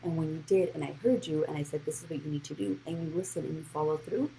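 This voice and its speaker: A woman money coach talking straight to her live audience with a low, gravelly voice. She is blunt and encouraging and reacts to viewer comments as they come in. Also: steady tone, fast talker, mellow, a little hiss or hum, rough recording. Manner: direct, blunt and encouraging, addresses viewers by name; reads and answers live comments. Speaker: financial coach and show host. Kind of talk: live-streamed motivational money talk.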